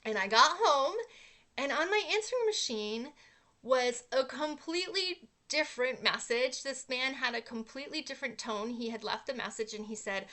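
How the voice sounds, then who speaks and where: A woman's voice: high voice, moderate pace. A middle-aged woman hosting a casual inspirational talk, telling a personal story earnestly, with fillers. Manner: earnest storytelling with fillers, animated when acting out quotes. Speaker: host.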